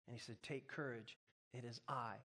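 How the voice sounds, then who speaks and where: A man's voice: mid-range voice, fairly even intonation, moderate pace, pushed and bright, a little hiss or hum. A man preaching a sermon, retelling a story with humor and building to emphatic exhortation. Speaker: pastor.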